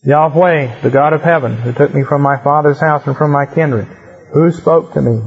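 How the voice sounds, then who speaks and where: An aged patriarch lays down solemn orders in a husky, somewhat high voice, read aloud by a man. The delivery stays close to a plain reading of scripture. The sound is muffled and lo-fi. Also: normal speed. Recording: muffled lo-fi recording.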